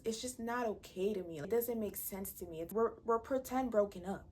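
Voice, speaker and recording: A woman's voice: fairly high pitch, lively intonation, a little fast, few pauses, husky. A woman giving a blunt, profane, exasperated recap of a reality show. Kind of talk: casual ranting recap.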